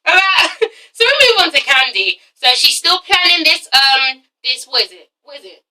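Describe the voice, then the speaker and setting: This nineteen-year-old vlogger with an English accent sing-songs her way through a sassy, swear-filled reality TV rant at a moderate pace, constantly adding "okay?" Her high-pitched voice sounds pushed and bright, recorded from a distance with rough quality.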